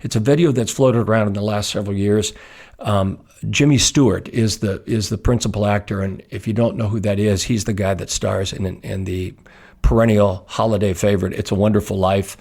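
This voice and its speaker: A man, a pastor, giving an earnest podcast devotional message and telling a story in an unhurried way with frequent restarts. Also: on the low side, steady tone, gravelly, a little mellow, slightly rough.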